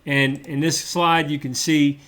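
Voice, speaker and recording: A man's voice: fairly high pitch, little pitch movement, measured pace, fairly bright tone. A middle-aged man and former mayor walking through slides in an explanatory policy talk, repeating words for emphasis with frequent fillers. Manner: repetitive, emphatic, many fillers.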